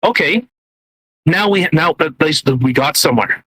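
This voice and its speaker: A man's voice: fairly high pitch, animated, normal speed, pushed and bright, slightly rough, dry recording, poor audio. A man co-hosting a podcast, rambling through casual political chat with lots of fillers, restarts and blunt swearing. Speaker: podcast co-host. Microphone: podcast mic, eating while talking.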